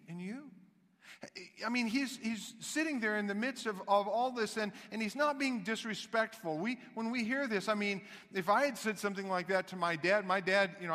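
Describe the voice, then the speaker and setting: High, bright-voiced preacher in a hall. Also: male voice. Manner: animated, dramatic shifts between hushed and loud. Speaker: pastor. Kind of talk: sermon.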